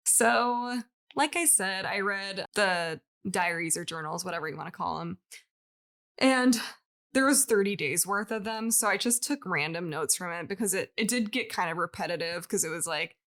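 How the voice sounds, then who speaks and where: A woman's voice: on the low side, normal speed, fairly bright tone. A woman co-hosting a podcast, telling a story in casual chat with frequent laughs and fillers. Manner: chatty, laughs often, many likes. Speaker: podcast co-host.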